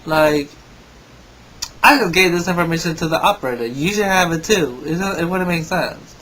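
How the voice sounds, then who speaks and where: A man's voice: fairly high pitch, moderate pace, a bit bright, slight background noise, rough recording. A young man telling a story in a casual vlog, rambling and exasperated. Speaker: vlogger.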